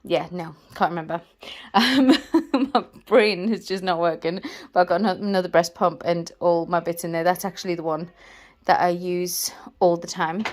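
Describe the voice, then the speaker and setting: A woman's voice: fairly low pitch, fairly even intonation, moderate pace. A pregnant-sounding woman, chatting casually at home in a vlog, out of breath and rambling. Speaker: vlogger. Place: indoors at home.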